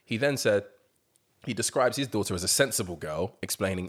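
A young man, co-hosting a casual podcast chat with slangy, animated banter and bursts of laughter. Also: fairly low pitch, brisk. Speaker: podcast co-host.

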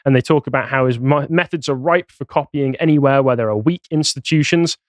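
A man's voice: medium pitch, fairly quick, no echo, clean studio sound. A man co-hosting a casual podcast, reading news articles aloud and mocking them with sarcastic asides. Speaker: podcast co-host.

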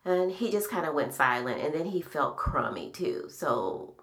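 A middle-aged woman with a low, gravelly voice, talking slowly. She hosts a podcast and shares memories in a soft, reflective manner. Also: sing-song. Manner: slow, soft-spoken, reflective storytelling. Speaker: podcast host. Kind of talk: casual heartfelt conversation.

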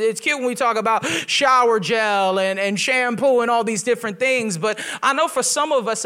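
A young adult man preaching as a guest pastor, with lively storytelling and quoted voices, in a humorous sermon in a church. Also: very high voice.

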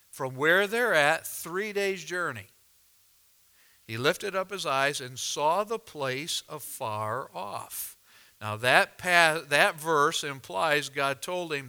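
Slow, bright-toned male preacher. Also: fairly high pitch, clear, resonant tone. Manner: deliberate, expository, reads scripture with dramatic pauses. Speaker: pastor. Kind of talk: sermon.

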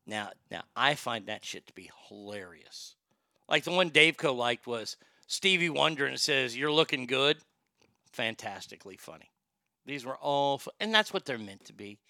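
A man hosting a crude comedic talk show, profane and excitable, laughing at his own jokes. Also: a little high, clean tone, no echo, clean studio sound. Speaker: show host.

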